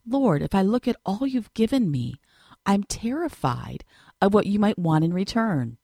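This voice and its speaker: A woman's voice: medium pitch, big pitch swings, moderate pace, gravelly, dark tone, no room sound, clean studio sound, pitched above the performer's own voice. A woman voicing a distressed man on retreat who speaks fearfully and humbly.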